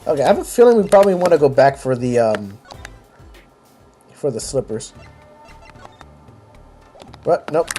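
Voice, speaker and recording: Husky muttering let's-play gamer. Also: mid-range voice, big pitch swings, normal speed, long pauses, dark tone, soft background music. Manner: mutters, swears, self-mocking. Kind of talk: casual game commentary.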